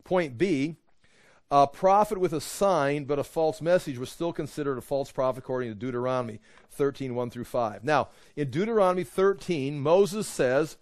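A man with a fairly high voice teaches scripture verse by verse, animated and conversational. He acts out quoted voices and fires off rhetorical questions. The sound is dry and close, with no room echo. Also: normal speed. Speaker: Bible teacher.

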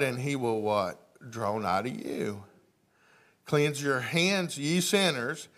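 A man's voice: medium pitch, expressive, takes it slowly, fairly bright tone. A male pastor, preaching a sermon in church, reading scripture aloud and asking the congregation questions. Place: church sanctuary.

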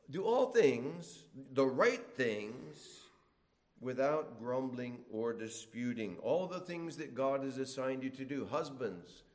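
Preacher, middle-aged man, unhurried delivery, animated and playful when mimicking complainers. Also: medium pitch. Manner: animated, acts out grumblers in whiny voices. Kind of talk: sermon.

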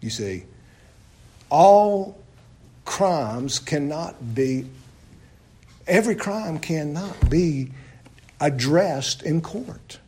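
A man preaching a sermon, asking his listeners loud questions and dropping to low, hushed lines. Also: animated, extremely slow, long pauses, breathy edge.

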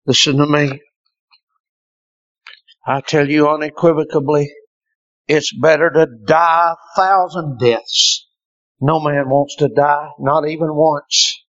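High-voiced, slow, impassioned male preacher. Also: steady tone, no room sound, lo-fi sound. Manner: impassioned, swinging from hushed lows to shouted peaks. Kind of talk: sermon.

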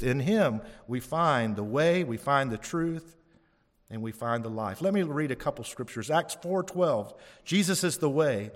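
A man preaching a sermon as pastor, emphatic and rising on key phrases, asking the congregation for responses. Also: mid-range voice. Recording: long hall reverb.

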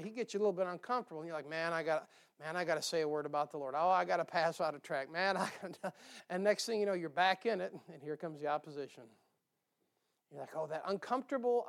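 A man preaching a sermon in a folksy, emphatic way, with joking asides. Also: sits high.

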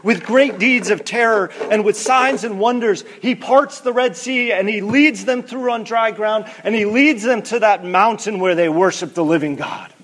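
A pastor preaching a sermon in an emphatic, measured way, halting with fillers when he steps aside from his main point. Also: high voice, fairly bright tone, slight background noise.

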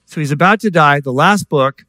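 Man preaching, a bit high voice, lively storyteller, dry close sound. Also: normal speed, dry recording. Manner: lively storyteller, acts out voices, jokes with the congregation. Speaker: guest preacher. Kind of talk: sermon with stories.

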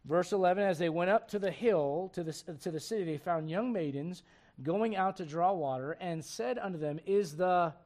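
High-voiced animated male preacher. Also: normal speed. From raised in a Spanish-speaking home. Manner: animated, rising and loud on emphatic points, reads scripture aloud. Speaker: pastor. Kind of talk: sermon at a midweek Bible study.

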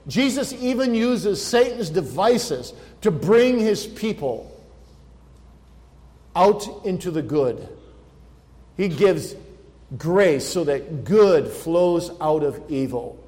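A man preaching a sermon as pastor, earnest, slowing and swelling when he quotes scripture. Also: high voice, darkish tone. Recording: long reverb of a large hall.

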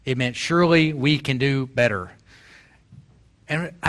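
A man's voice: mid-range voice, unhurried, a bit bright. A man in his forties preaching a sermon as pastor, telling stories and building to emphatic exhortation. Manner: storytelling, rising to emphatic exhortation.

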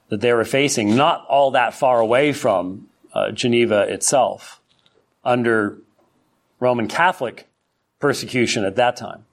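Middle-aged guy lecturing church history in sunday school, loose and chatty, lots of ums, mid-pitched voice. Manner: conversational, many fillers and restarts, animated asides. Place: church classroom.

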